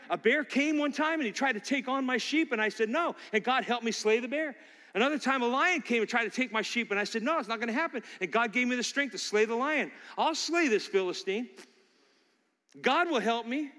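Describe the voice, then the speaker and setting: A man's voice: very high voice, expressive, a little fast, pushed and bright, voice pushed up, heavily acted. A man voicing a bold young shepherd boy, declaiming earnestly, in an echoey hall. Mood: zealous.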